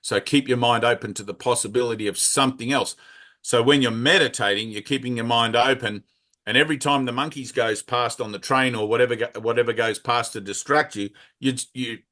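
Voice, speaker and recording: A man's voice: mid-range voice, bright, forceful tone. A man giving an informal spiritual talk to a small group as their teacher, frank and conversational, with mild swearing and a habit of checking in with "right?".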